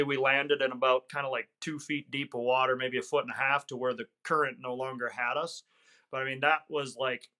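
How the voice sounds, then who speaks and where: Bright-voiced man telling a story earnestly. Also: medium pitch. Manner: earnest, reflective, restarts and fillers. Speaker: hunting guide, podcast guest. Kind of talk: conversational storytelling.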